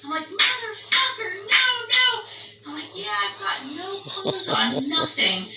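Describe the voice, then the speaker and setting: A woman telling a story in a casual chat, animated and swearing freely, acting out the barks and screams. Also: sits high, unhurried. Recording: roomy echo, distant from mic, faint background noise.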